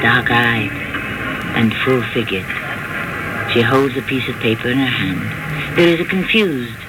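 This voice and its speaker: A man hosting and narrating a radio mystery drama in a measured storytelling manner. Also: medium pitch, very noisy.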